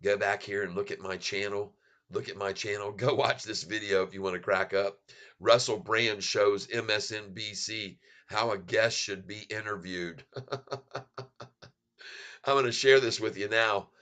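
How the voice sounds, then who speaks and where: A man hosting his own stock market channel, talking in an excitable, rambling way and laughing often as he comments on a video. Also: fairly low pitch, unhurried.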